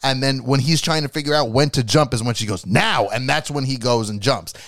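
A man chatting casually on a podcast panel, ranting with lots of swearing and acting out lines in a hushed voice. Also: mid-range voice, brisk, no echo, clean studio sound. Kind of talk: casual chat.

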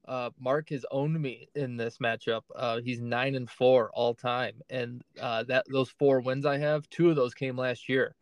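A man's voice: medium pitch, fairly even intonation, a little slow, hardly any pauses, clear, resonant tone, no echo. Man chatting casually, dry close sound. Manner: conversational, hedging with "right?" and "like". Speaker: fantasy football podcast co-host. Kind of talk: casual chat.

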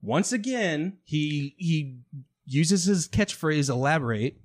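A man's voice: on the high side, expressive, slow. A man co-hosting a casual podcast chat, laughing often and animatedly retelling scenes. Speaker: podcast co-host.

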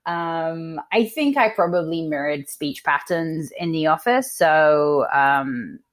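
A woman's voice: low-pitched, lively intonation, slow. A woman from London with an accent mixing British, Northern English and Australian sounds, chatting casually as a podcast guest and laughing often. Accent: mixed British, Northern English and Australian. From England (London). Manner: chatty, laughs often, acts out quoted voices. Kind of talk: casual interview chat.

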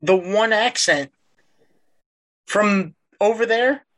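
A man's voice: high-pitched, takes it slowly, fairly bright tone. A man hosting a podcast in casual chat, teasing his co-hosts with profane, mock-exasperated jabs. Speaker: podcast host.

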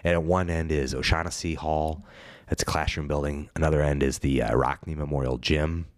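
A man's voice: rumbling low, steady tone, normal speed, no echo, studio quality. A man, a priest hosting a podcast, with an Ohio accent, chatting casually and teasing with frequent laughs. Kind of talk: casual chat.

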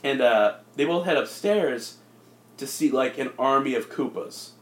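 Rambling man pitching a movie idea. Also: animated, a little slow. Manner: rambling, filler-heavy, jumps into silly voices. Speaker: podcast co-host pitching a movie. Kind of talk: casual comedic podcast chat. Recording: echoey room.

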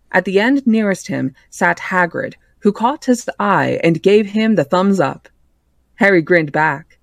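A podcast host reading a novel aloud in a plain, measured way, with occasional stumbles. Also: medium pitch, vocal fry, no room sound, studio quality.

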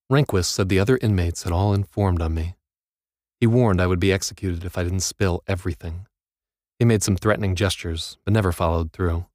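A man's voice: deep voice, a little mellow, dry recording, clean studio sound. A man reading a first-person audiobook in a grim, wry narrating manner.

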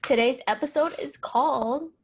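Animated young woman podcast co-host. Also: high voice, moderate pace, slightly rough. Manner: animated, swears freely, acts out quoted messages. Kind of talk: casual podcast chat.

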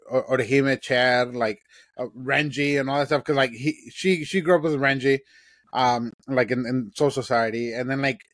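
A man's voice: mid-range voice, no echo. Stammering podcast man, dry sound. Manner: stammering, repeats words as he restarts. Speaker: podcast co-host. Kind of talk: casual chat.

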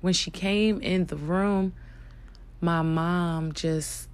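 A young woman telling a personal story in a soft-spoken, hesitant way, with many fillers and restarts. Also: fairly low pitch, fairly even intonation, drawn-out words, smooth. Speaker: vlogger sharing a personal story.

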